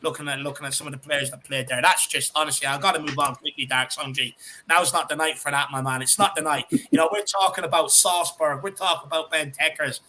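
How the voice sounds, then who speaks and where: An Irish man hosting a casual fan chat, excitable, swearing freely and reading out viewer comments. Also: fairly high pitch, a little fast, background noise. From Ireland. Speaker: podcast host.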